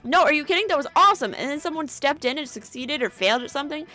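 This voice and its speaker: A bubbly, macabre eldritch horror schoolgirl, as a woman puts her on for a tabletop-style game, gushing and excitable with a fairly high voice. Faint music plays underneath. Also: quick pace. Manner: gushing and excitable, stammers happily.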